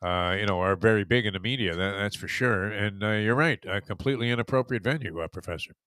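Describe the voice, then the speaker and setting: A man hosting a sports talk show, chatting casually, laughing along and filling pauses with many uhs. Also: on the low side, fairly bright tone, clear, resonant tone, no echo.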